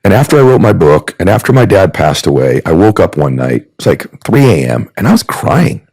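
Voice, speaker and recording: A man's voice: low voice, big pitch swings, brisk, vocal fry, darkish tone, breathy edge, dry recording. A man in his fifties, a podcast guest, telling heartfelt stories in an earnest, emotional, sermon-like way. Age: 50s. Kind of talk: heartfelt storytelling.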